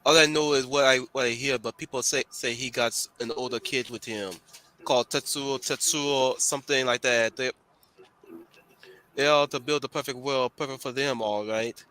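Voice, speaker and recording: A man voicing a plain-spoken undercover male agent, reading comic dialogue aloud in a flat, low way. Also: normal speed, slight background noise, natural voice. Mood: matter-of-fact.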